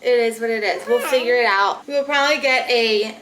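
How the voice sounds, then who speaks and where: A chatty young woman talks to her camera in a relaxed vlog, her voice pitched a little high. She laughs easily as she goes along. A faint hiss of outdoor noise sits behind her. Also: fairly quick. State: out of breath. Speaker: vlogger. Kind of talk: casual mom vlog talk to camera.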